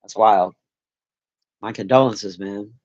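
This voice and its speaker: A man's voice: on the low side, steady tone, takes it slowly, a little mellow, highs cut off. A man streaming and chatting casually with viewers, swearing freely, rambling with lots of fillers and answering chat by name. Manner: profane, rambling, with many fillers; talks straight to chat by name.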